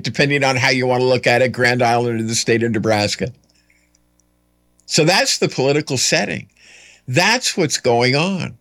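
A man's voice: a little high, fairly bright tone, no echo. Male political commentary host, unscripted solo monologue, dry close sound, lots of "uh" and restarts, wry asides.

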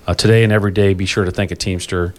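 Male union podcast host, low-pitched, loose and rambling delivery, quick to laugh. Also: steady tone. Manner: rambling, self-correcting, laughs easily. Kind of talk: casual podcast chat.

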